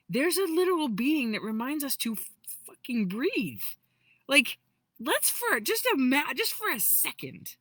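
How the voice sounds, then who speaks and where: A woman in her forties, an energy healer, giving a casual spiritual talk in a rambling, animated way full of restarts. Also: mid-range voice, no echo. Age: 40s.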